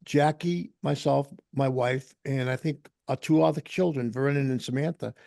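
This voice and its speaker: A middle-aged man with a New England accent, a podcast host telling rambling, animated anecdotes in casual chat. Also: mid-range voice, moderate pace, gravelly, no echo, clean studio sound.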